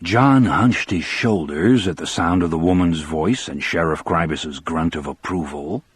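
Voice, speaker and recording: A man narrating an audiobook in the first person with a measured, steady delivery. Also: deep voice, breathy edge, no echo.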